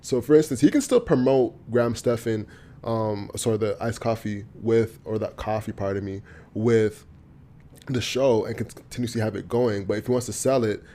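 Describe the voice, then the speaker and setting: A man with a warm, lowish voice hosts a podcast at a normal speed, with slight background noise. He chats casually, using slang while steering the conversation.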